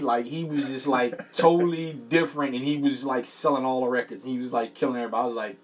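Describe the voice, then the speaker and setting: A man co-hosting a casual comedy podcast, relaxed and playful, eager when he talks about music. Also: mid-range voice, fast, hardly any pauses. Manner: laid-back, enthusiastic about music, playful. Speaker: podcast co-host.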